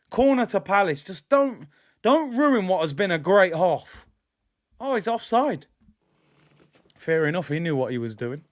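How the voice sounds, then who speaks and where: A young man doing live fan commentary on a football match, reacting loudly and chatting to his viewers. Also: sits high, unhurried, pauses often. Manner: animated fan, shouts and exclaims when play goes wrong. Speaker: football watch-along streamer.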